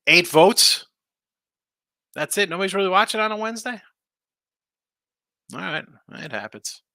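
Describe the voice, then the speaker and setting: A man's voice: sits high, very animated, fairly quick, vocal fry, sharp tone, dry recording. A man hosting a sports betting live stream, rambling and thinking aloud in casual chat. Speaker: sports betting show host.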